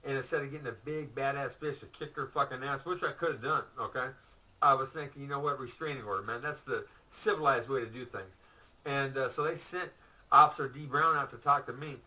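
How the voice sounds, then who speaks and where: A man's voice: mid-range voice, a little fast, pushed and bright, low-quality recording. A man telling a rambling story in a profane, ranting monologue, full of asides and curses. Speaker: vlogger.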